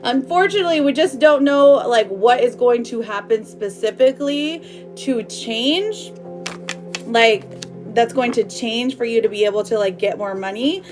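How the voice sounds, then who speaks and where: A woman's voice: fairly high pitch, normal speed, music in the background. A woman doing a live tarot reading for viewers, bubbly and affectionate, chatting loosely with lots of fillers and laughs. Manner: affectionate, calls viewers girl and my love. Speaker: tarot reader.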